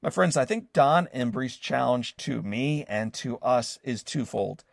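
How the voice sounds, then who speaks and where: A man's voice: mid-range voice, expressive, a little slow, creaky, no echo, clean studio sound. A man in his forties hosting an inspirational podcast, telling a personal story in an earnest tone and speaking straight to his listeners. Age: 40s. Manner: earnest storytelling, warm direct address to listeners. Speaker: host of a motivational podcast. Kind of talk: scripted inspirational monologue.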